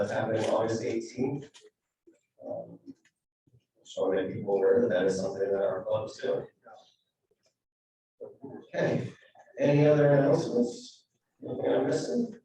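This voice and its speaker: A man's voice: medium pitch, creaky, dark tone, slight background noise. A man runs through announcements at a club meeting in a casual, joking manner. His voice comes from some distance away and rings around a very echoey room. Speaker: meeting leader.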